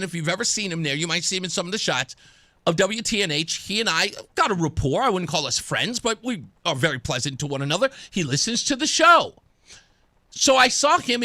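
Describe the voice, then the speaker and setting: A talk radio host spinning a story, his voice bright and ringing as it swoops up and down. He mimics each person he quotes and keeps the tale rolling. The studio sound is dry and close. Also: high-pitched, no echo. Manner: animated, acts out quoted voices.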